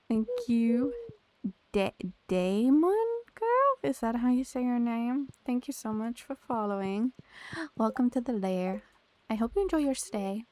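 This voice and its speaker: A woman's voice: on the high side, mellow, slight background noise. A young woman streaming a game, chatting casually and thanking viewers by name as she plays. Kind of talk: casual live-stream chat.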